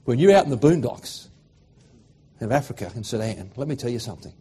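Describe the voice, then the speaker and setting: A middle-aged Australian man preaching a sermon, swinging from loud fervent declarations to hushed, emotional storytelling. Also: medium pitch, very animated, fairly quick, breathy edge.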